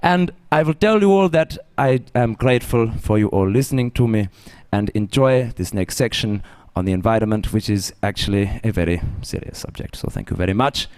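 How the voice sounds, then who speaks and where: A man's voice: on the low side, lively intonation, normal speed, hardly any pauses, a little mellow, clear, resonant tone, pitched below the performer's own voice, lightly acted. A man playing a pompous German professor with a put-on German accent, lecturing grandly. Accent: fake German.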